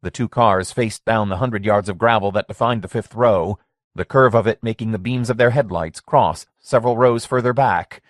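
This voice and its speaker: A man narrating a horror story audiobook in a measured, steady way. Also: on the low side, no room sound, clean studio sound. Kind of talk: scripted narration.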